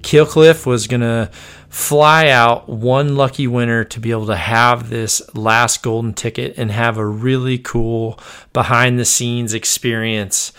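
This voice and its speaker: A man's voice: mid-range voice, fairly bright tone, smooth. An American man hosting a podcast, chatting casually and laughing easily. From born on an army base in the US. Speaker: podcast host. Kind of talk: casual chat.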